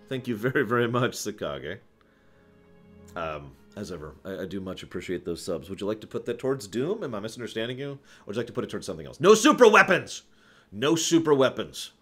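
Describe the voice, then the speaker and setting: A man's voice: on the low side, lively intonation, fast, fairly bright tone, soft background music. A man answering viewer questions on a casual live stream, rambling, correcting himself and chuckling as he goes.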